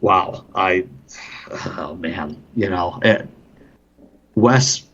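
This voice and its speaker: A man's voice: deep voice, drawn-out words, a bit bright, husky, dull audio. A man, a hockey broadcaster on a podcast, telling casual stories and laughing often as he talks. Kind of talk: casual storytelling.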